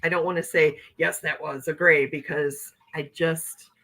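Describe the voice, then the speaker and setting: A woman's voice: deep voice, fairly even intonation, measured pace, fairly bright tone, poor audio. A woman hosting a casual livestream, talking in a rambling, conversational way and reading out viewer comments. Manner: rambling and conversational, with frequent "okay" and "you know what I'm saying". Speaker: livestream host.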